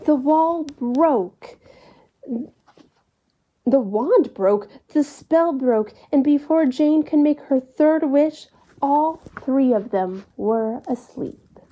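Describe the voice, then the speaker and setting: A woman calmly and expressively reading a children's story aloud. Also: high voice, slow pace, phone-quality sound. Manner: calm, expressive read-aloud.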